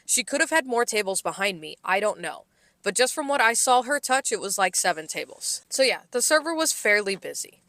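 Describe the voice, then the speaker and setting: A woman's voice: medium pitch, big pitch swings, a little fast, a bit bright, no echo. A woman co-hosting a podcast, telling a story in a casual, exasperated and profane way. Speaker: podcast co-host.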